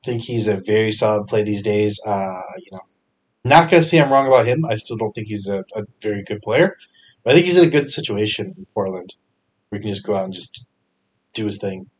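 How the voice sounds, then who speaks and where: A young man hosting a fantasy sports podcast, talking casually with energetic bursts and frequent fillers. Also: on the low side, fairly quick, husky. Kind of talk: casual solo podcast picks.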